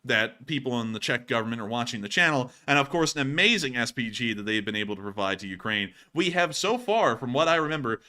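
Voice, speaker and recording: Brief: male stream host, bright tone, mid pitch, casual jokey clip commentary. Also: lively intonation, quick pace, few pauses. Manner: joking, casual, chuckles at his own puns. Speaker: host of war news stream. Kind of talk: live commentary over video clips.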